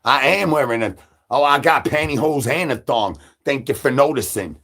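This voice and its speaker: A husky-voiced man hosts a livestream in the persona of a hungry zombie. He rambles loosely, looping sing-song catchphrases and crude jokes at a mid pitch. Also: animated, normal speed, fairly bright tone. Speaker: livestream host.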